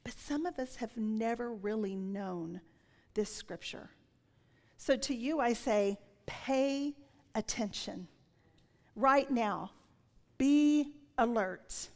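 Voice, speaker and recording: A woman in her sixties delivers a sermon full of personal testimony, a slightly high voice, animated, dipping into whispers. Her words ring out with the long reverb of a big church hall. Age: 60s. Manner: animated storytelling, drops to whispers when quoting. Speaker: preacher.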